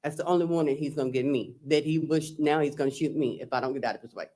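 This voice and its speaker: A woman's voice: sits low, quick pace, mellow. A woman on the witness stand in a courtroom, recounting text messages and quoting both sides. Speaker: defendant testifying. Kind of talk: courtroom testimony.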